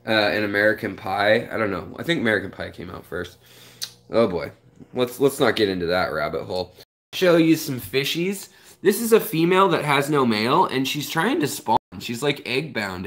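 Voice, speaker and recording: A man's voice: lowish voice, a bit bright. A man casually hosting an aquarium live stream, rambling, telling stories and greeting viewers by name.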